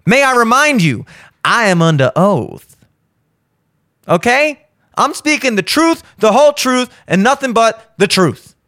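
On his show, a man with a high-pitched, fairly bright voice offers a blunt monologue on relationships, cursing heavily and repeating points to drive them home. The recording is dry with clean studio sound.

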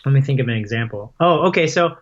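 A man's voice: mid-range voice, expressive, quick pace. A man talking as a podcast guest in casual conversation, telling stories in a rambling way, full of "like" and "um". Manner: rambling storyteller, heavy use of "like" and "um". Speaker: podcast guest, paintball player and vlogger. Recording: dull lo-fi sound.

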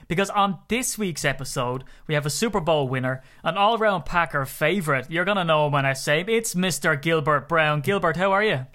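Irish male podcast host, eager and jokey, slightly high bright voice. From Ireland. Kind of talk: casual interview chat.

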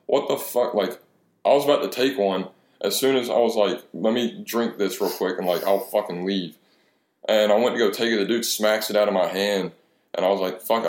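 A man in his twenties telling a profane, rambling bar story in casual chat, acting out the other people's lines as he goes. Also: lowish voice. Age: 20s. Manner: profane, storytelling with quoted dialogue. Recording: echoey room.

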